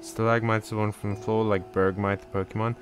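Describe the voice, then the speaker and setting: A man casually commentating a game as he plays, reacting out loud and chatting to his viewers. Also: fairly low pitch, level tone, a little fast, noisy background. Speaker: game streamer. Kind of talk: casual let's-play commentary.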